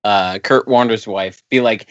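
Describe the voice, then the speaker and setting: A man's voice: lowish voice, measured pace, muffled recording. Wry joking guy on a podcast. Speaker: podcast co-host. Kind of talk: casual movie review chat.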